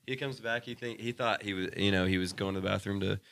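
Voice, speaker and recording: A man's voice: fairly low pitch, steady tone, fast talker, vocal fry, fairly bright tone. Rambling, swearing young man telling a story. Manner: rambling, heavy swearing, lots of "like" and "dude". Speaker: podcast co-host. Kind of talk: casual storytelling chat.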